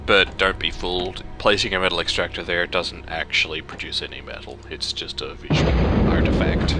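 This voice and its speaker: A man with a low, deep voice talks through a strategy game, explaining calmly, then breaking into exasperated swearing. Clear game music plays under his voice throughout. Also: moderate pace, hardly any pauses. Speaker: let's play commentator. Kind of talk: gameplay commentary.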